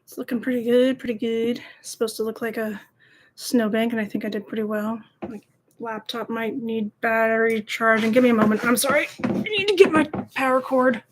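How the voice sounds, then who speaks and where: A woman with a fairly high voice chats easily with viewers while she paints at home, giggling now and then and poking fun at herself. A faint hiss sits under her live-stream audio. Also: steady tone, a little fast. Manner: chatty, giggly, self-deprecating. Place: home, at a laptop.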